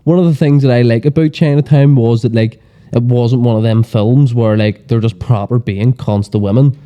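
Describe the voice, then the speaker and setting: A man's voice: mid-range voice, steady tone, moderate pace, muffled recording. A man chatting casually on a podcast, telling rambling, sweary stories full of fillers. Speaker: podcast guest. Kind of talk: casual chat.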